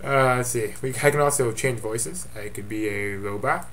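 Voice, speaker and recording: A man's voice: mid-range voice, moderate pace, a bit bright, a little hiss or hum. Offhand rambling man on a webcam. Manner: offhand and rambling, jokey asides. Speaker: fantasy football league commissioner. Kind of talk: casual webcam update.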